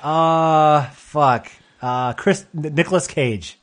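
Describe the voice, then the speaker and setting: A man's voice: fairly high pitch, takes it slowly, fairly bright tone. A man co-hosting a comedy podcast who reads out listener questions and giggles through crude banter. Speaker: podcast co-host.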